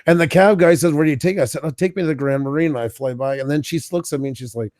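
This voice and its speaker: A man's voice: on the high side, rapid-fire, darkish tone, no echo. A man from Canada telling a long funny anecdote in casual chat, laughing often and acting out what people said. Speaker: podcast co-host.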